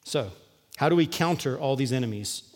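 A pastor preaching in an easygoing, joking way, with a mid-range man's voice. He shifts between slow, solemn lines and quick asides. His words ring out through a church hall with long reverb. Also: medium pitch, animated, a little mellow. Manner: conversational, humorous, acts out quoted voices. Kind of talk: sermon.

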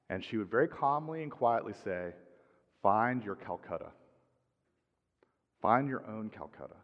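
Middle-aged pastor in a reverberant hall. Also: male voice, mid-range voice. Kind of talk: sermon. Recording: dull sound with long hall reverb.

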